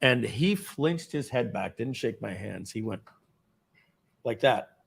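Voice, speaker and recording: Animated middle-aged man telling a story. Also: mid-range voice, slow pace, vocal fry, breathy edge. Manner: animated, dramatic storyteller acting out scenes. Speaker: company founder. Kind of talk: storytelling speech at company event.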